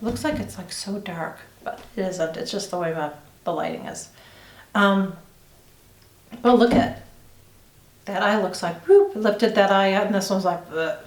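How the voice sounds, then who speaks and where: A woman's voice: medium pitch, measured pace, long pauses. Chatty middle-aged woman in a roomy room. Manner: rambling, confiding, reassuring. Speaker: beauty vlogger. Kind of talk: chatty get-ready-with-me vlog. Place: indoors at home doing her makeup on camera. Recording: roomy echo.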